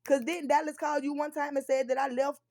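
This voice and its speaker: A young woman venting on a live stream, profane and confrontational, going from tired and quiet to loud and angry. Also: sits high, level tone, brisk. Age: young adult. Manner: drops to weary, quieter stretches. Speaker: livestreamer. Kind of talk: heated live-stream rant.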